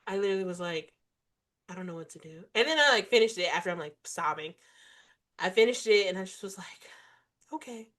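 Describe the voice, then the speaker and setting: A woman's voice: mid-range voice, lively intonation, brisk, long pauses, fairly bright tone. A young adult woman hosting a book podcast, chatting casually and acting out quoted dialogue. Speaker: podcast host. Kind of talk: casual chat.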